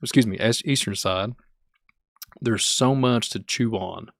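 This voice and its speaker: A man's voice: fairly low pitch, a little slow, creaky, dry recording, clean studio sound. A man from Kentucky with a Kentucky accent, hosting a livestream podcast, rambling and repeating himself as he reads the chat. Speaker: podcast host. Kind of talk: casual livestream talk reading chat.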